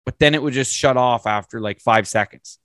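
A man telling a long, profane story in a casual, animated way. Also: mid-range voice, brisk, no echo.

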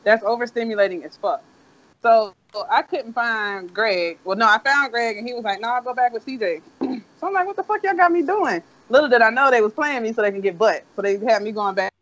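High-voiced man, dull lo-fi sound. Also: brisk, fairly bright tone. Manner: rambling, profane, laid-back. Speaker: co-host. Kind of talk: casual storytelling chat. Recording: dull lo-fi audio.

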